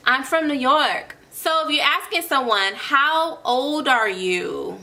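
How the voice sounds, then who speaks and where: Bright-voiced woman teaching Spanish. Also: a little high, lively intonation. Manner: encouraging, repeats phrases slowly for learners. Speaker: Spanish tutor. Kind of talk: casual online language lesson.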